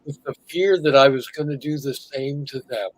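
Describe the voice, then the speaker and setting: A middle-aged man hosting an interview, speaking candidly and emphatically, sometimes dropping to hushed tones. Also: medium pitch, normal speed, a little hiss or hum, poor audio. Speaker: host.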